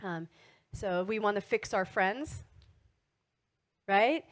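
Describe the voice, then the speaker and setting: A middle-aged woman giving a motivational wellness talk to an audience, animated and asking frequent tag questions. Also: medium pitch, slow. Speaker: wellness speaker.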